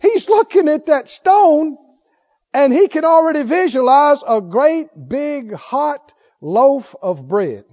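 A man preaching a sermon, emphatic, swinging from loud exhortation to hushed intensity. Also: very high-pitched, animated, slow. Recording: dull lo-fi sermon recording.

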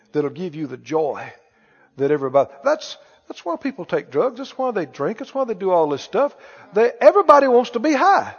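High-voiced lively preacher man. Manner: preaching with call-and-response to the congregation. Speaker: pastor. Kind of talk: sermon. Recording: muffled church hall recording.

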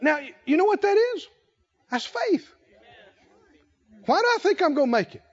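A man preaching a sermon as pastor, emphatic and repetitive, building key phrases to shouts. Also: very high voice, sing-song, normal speed, lo-fi sound.

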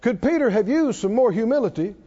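A man's voice: extremely high pitch, expressive, a little fast, mellow, in a large hall, dull audio. A man preaching a sermon, firing questions at his congregation and pressing them with emphatic, chuckling delivery. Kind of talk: sermon with call-and-response.

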